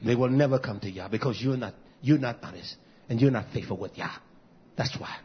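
High husky preacher guy, fiery sermon, shouts then mutters, dull recording. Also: a little fast.

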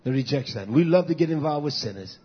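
High husky preacher guy, fiery sermon, shouts then mutters, dull recording. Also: lively intonation, fast.

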